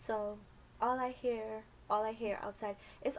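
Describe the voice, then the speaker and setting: A woman's voice: fairly high pitch, steady tone, a little slow, slight background noise, poor audio. A young woman in her twenties telling a story casually, rambling with lots of fillers and acting out the people in it. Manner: rambling, many fillers, acts out voices. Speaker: storytime vlogger.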